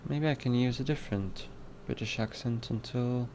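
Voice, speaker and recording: This man's mid-range voice is a little mellow and moves at a moderate pace, with slight background noise behind it. He's streaming his game development, chatting casually with viewers, reading their chat aloud, musing to himself, and trying out mock accents.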